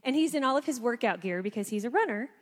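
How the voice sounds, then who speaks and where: A woman speaks to a gathered room, telling a personal story with lively energy and acting out the voices of others. Her voice sits fairly high, and it rings with a long reverb from the hall. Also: fast talker. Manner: animated storyteller, acts out quotes. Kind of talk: storytelling talk to an audience.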